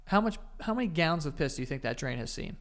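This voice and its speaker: A young man, chatting casually on a podcast with a slightly high voice. He teases and jokes as he talks. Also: expressive, quick pace, fairly bright tone. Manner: joking, teasing banter. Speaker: podcast co-host. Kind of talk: casual chat.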